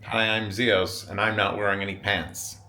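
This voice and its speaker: A man's voice: fairly low pitch, little pitch movement, normal speed, pushed and bright, slight background noise. A man hosting a casual vlog from a hotel room, rambling wryly and swearing often. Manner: rambling, profane and wry. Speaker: vlogger host.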